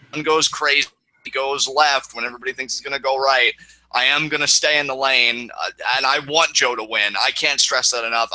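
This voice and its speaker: A man's voice: medium pitch, pushed and bright, no echo. A man co-hosting a casual wrestling talk show, rambling and emotional with frequent restarts. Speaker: co-host. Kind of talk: casual podcast chat.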